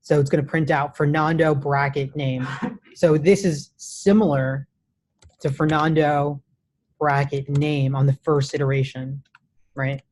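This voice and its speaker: Brief: male coding instructor, relaxed classroom lecture, talks while typing. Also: a little high, measured pace, a little hiss or hum. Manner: casual, many restarts, says "right?" often.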